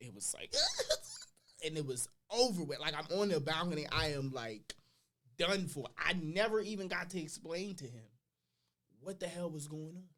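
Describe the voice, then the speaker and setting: A young adult man, a podcast guest, telling personal stories in casual slang, his voice swinging between loud and quiet. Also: fairly high pitch, expressive, normal speed.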